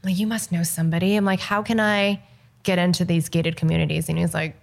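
A woman's voice: on the low side, fairly even intonation, fast talker, creaky. A woman from Los Angeles, a filmmaker, telling a story as an interview guest and acting out the dialogue. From Los Angeles, United States.

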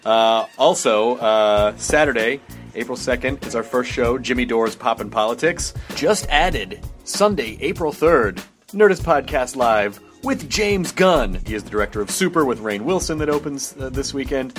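A man's voice: mid-range voice, lively intonation, moderate pace, faint music behind. A man hosting a podcast, reading announcements casually with joking asides. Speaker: podcast host.

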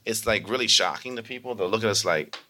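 A community meditation teacher tells stories in a casual interview, speaking quickly in a low, bright-toned male voice. He is animated and lively, acting out other people's quoted voices in a high pitch.

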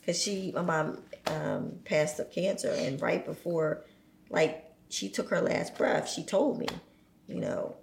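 A low-pitched woman with a gravelly edge talks thoughtfully. Faint background noise sits under her voice. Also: expressive, takes it slowly, reverberant. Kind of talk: casual conversation.

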